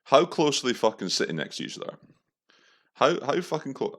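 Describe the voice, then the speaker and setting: A man's voice: medium pitch, very animated, brisk, a bit bright. A young man hosting a podcast, reacting to adverts in a profane, incredulous, mocking way. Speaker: podcast host. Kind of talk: casual commentary.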